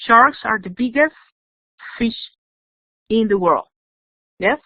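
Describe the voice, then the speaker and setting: A woman's voice: fairly high pitch, expressive, dry recording. Woman teacher, tinny dry audio. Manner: explains slowly, checks in with "yes?". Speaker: English teacher. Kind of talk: online grammar lesson.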